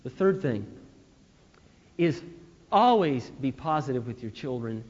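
A man preaching a sermon, telling stories in an animated way that swings from loud to hushed. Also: medium pitch, a little slow. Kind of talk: sermon on parenting. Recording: dull lo-fi recording with long hall reverb.

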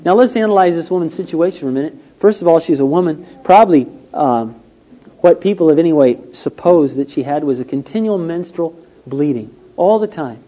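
Male preacher, slightly high, warm voice, storytelling sermon, dull lo-fi recording. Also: expressive, brisk. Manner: storytelling with acted-out quotes, rising and falling emphasis.

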